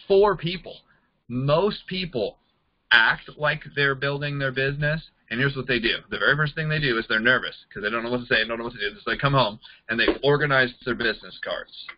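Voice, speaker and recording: A man teaching a sales and recruiting class, talking fast and acting out bits of dialogue as he explains. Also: highs cut off. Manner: energetic, acts out quoted dialogue with pitch jumps. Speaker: network marketing trainer. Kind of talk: recorded online class.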